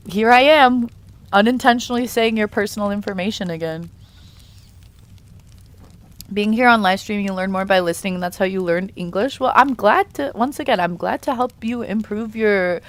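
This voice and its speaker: A woman's voice: mid-range voice, moderate pace, pauses often. A young adult woman on a live stream, chatting casually to her viewers and talking in loose, rambling sentences full of fillers and restarts. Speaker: live streamer reading chat.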